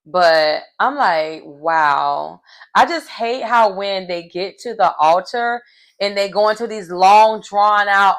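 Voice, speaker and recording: Woman, casual recap host, sassy and animated, mid pitch, chatty. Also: a little slow. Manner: sassy, colloquial, animated, laughs often.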